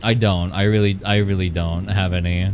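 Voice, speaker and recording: A man talks casually to his stream audience while he draws, jumping from one thought to the next. His voice sits on the low side. Faint music plays under his voice. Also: fairly even intonation, normal speed. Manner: playful, rambling, chats with viewers. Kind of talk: casual live-stream chat while drawing.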